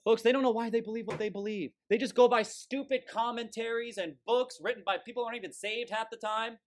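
A man preaching a sermon from the pulpit, forceful and emphatic, scornful toward those he condemns. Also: extremely high pitch, quick pace, a little hiss or hum. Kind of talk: fiery sermon.

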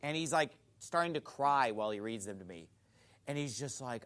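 A man's voice: medium pitch, lively intonation, normal speed, a bit bright, slight background noise. A male pastor preaching a sermon in a church, blunt and mocking.

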